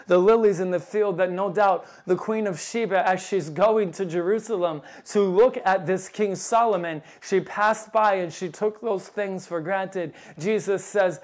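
A man preaching a sermon, quoting old scripture wording and building to loud, emphatic appeals to his listeners. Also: high-pitched, measured pace, few pauses.

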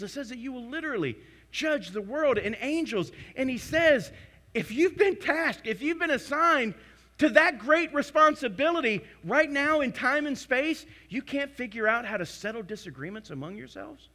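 High-voiced, forceful preaching man. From United States. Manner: emphatic, swings between loud and hushed. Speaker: pastor. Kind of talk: sermon.

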